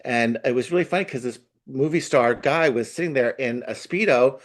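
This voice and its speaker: Animated Long Island man telling a story. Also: mid-range voice, normal speed. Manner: animated, acts out voices in his story. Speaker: guest. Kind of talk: casual storytelling.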